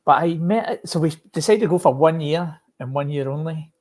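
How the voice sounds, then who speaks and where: A man's voice: on the high side, normal speed, darkish tone. A man with a Glaswegian Scottish accent, a podcast guest in casual chat, jokey and laughing, tripping over and repeating his words. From Scotland. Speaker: podcast guest, safety coach.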